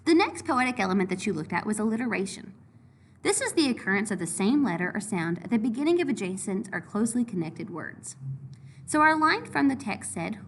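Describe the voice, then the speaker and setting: Woman teacher, clear step-by-step explainer, animated delivery. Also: medium pitch, brisk, slight background noise. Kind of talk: recorded lesson review.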